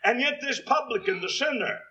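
A man's voice: very high-pitched, expressive, brisk, sharp tone, low-quality recording. A man preaching a sermon, quoting scripture in King James wording and building to emphatic peaks.

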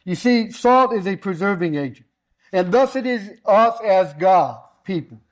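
A man's voice: high-pitched, animated, a little slow. A man preaching a sermon to his congregation, delivering it with an emphatic, repetitive cadence.

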